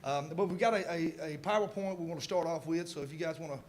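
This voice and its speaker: Fast-talking high-voiced pastor. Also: male voice, a little hiss or hum. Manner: rapid-fire, auctioneer-like talk. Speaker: student pastor. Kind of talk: public presentation.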